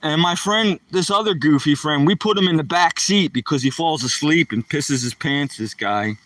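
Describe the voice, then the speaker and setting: A man from the Philadelphia area rambles through old memories in easy, chatty talk. His voice sits a touch high for a man and reaches the mic from a little way off, in a dry space with almost no room sound. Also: normal speed, fairly bright tone, no room sound, far from the mic. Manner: loose and chatty, sprinkled with "man" and "you know". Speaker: vlogger telling stories. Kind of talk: rambling casual storytelling.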